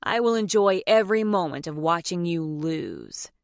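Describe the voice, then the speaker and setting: Una narradora haciendo de un primo engreído y cruel. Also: female voice, lowish voice, expressive, vocal fry, no room sound, clean studio sound. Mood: smug taunting. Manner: smug, slow and taunting. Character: smug, cruel young man, the rival cousin.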